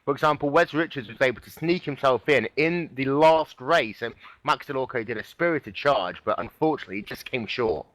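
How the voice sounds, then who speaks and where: A man's voice: mid-range voice, fairly quick, hardly any pauses, fairly bright tone, low-quality recording. A man doing lead commentary on a live sim racing broadcast, chatty and joking.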